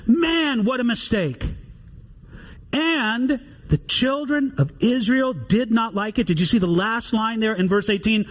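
Guy preaching a sermon, pretty high voice, bounces around a lot, reads verses out. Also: measured pace. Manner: animated preaching with scripture reading. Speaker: pastor.

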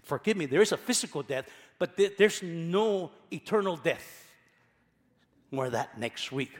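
Man, pastor, sermon, high voice, emphatic, repeats phrases, long church reverb. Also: expressive, measured pace. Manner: emphatic, repeats key phrases, swings between loud and soft.

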